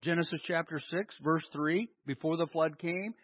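High, husky preacher in an echoey hall. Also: male voice, steady tone, normal speed. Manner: asks rhetorical questions and answers them himself; emphatic, stressing single words. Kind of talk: sermon. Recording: echoey hall, dull lo-fi sound.

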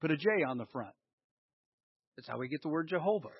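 Preaching fast in a slightly high, breathy voice, a man animatedly poses questions to his listeners and answers them himself. The recording is dry, dull and lo-fi.

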